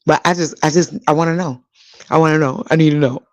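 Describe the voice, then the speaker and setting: A woman's voice: deep voice, steady tone, fast, darkish tone, dry recording, rough recording. Chatty Brooklyn woman hosting a podcast, dry sound. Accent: New York. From Brooklyn, New York. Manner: chatty, repeats herself for emphasis, talks straight to listeners. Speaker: podcast host. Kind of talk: casual solo podcast monologue.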